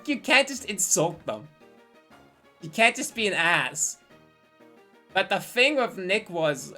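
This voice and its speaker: A woman's voice: sits low, fairly bright tone. A woman in her twenties telling a rambling, profane story on a live stream and drifting into tangents.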